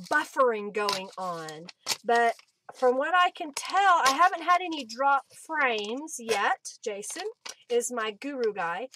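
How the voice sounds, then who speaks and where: A woman's voice: a little high, fairly bright tone, slight background noise. A woman hosting a casual crafting livestream, chatting, laughing often and greeting viewers by name. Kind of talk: casual live-stream chat while crafting.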